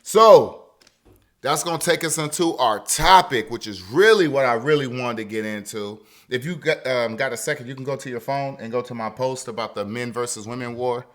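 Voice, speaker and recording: A man's voice: medium pitch, moderate pace. A man hosting a podcast, telling a story in casual chat with lots of swearing and acted-out quotes. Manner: profane, animated, acts out quotes. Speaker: podcast host.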